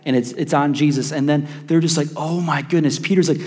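A male pastor delivers a sermon in a lively storytelling manner, slipping into playful asides and stumbling restarts as he goes. His voice sits a little high for a man. The sound carries a long, hall-like reverb, as if from a church sanctuary. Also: brisk, few pauses.

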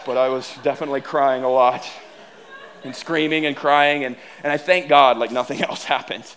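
A man telling a self-mocking personal story as a sermon, animated and full of restarts. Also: mid-range voice, moderate pace.

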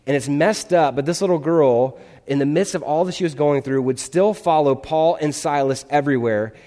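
A man's voice: a little high, moderate pace, dark tone. Man preaching in a reverberant church. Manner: conversational, checks in with listeners often. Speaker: pastor. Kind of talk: sermon. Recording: long hall reverb.

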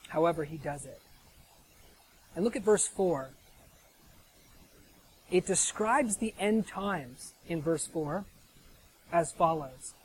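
The audio is poor with slight background noise as an American man, his voice fairly high, preaches a conversational sermon. He keeps it chatty, regularly tossing in a rhetorical "right?"

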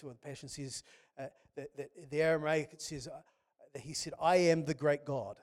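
A man's voice: fairly high pitch, moderate pace. A man preaching a sermon, telling stories with passion and frequent restarts. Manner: impassioned, storytelling with many restarts.

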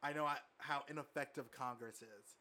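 A man's voice: mid-range voice, steady tone, brisk, sharp tone. A man co-hosting a podcast, talking casually with many fillers and laughs. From from outside the US. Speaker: podcast co-host. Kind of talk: casual chat.

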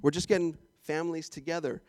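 A man from Canada preaching a sermon as pastor, animated and jokey with playful asides. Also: a little high, fast, no room sound.

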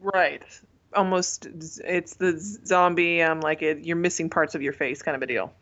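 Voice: medium pitch, steady tone, normal speed, a bit bright, dull audio. A podcast co-host casually chatting about a movie, mostly chiming in with short agreements and quips.

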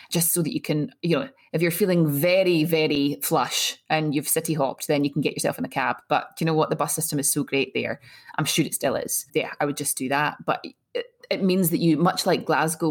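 A woman hosting a podcast, talking in a rambling, animated and self-mocking way. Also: deep voice. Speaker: podcast host. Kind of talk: casual chat.

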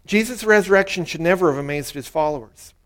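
A man's voice: fairly high pitch, fast, a bit bright. A man preaching a sermon as pastor, earnest and repeating his key lines for emphasis.

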